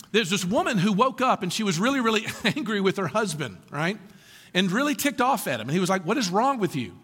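A male pastor preaching a sermon in a conversational, animated way, asking his listeners many questions. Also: high-pitched, fairly quick, husky, big-room sound.

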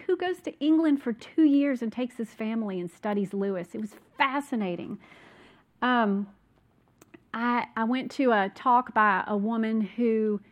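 A woman telling personal stories in a casual, rambling way, full of fillers and asides. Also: mid-range voice. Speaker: speaker recounting a conference.

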